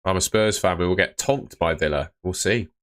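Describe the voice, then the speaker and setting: A young man with a low-pitched voice talks through a live stream. His tone is relaxed and chatty as he answers viewer comments one after another. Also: moderate pace. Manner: chatty, reads out chat comments. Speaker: fantasy football streamer. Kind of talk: casual live stream chat.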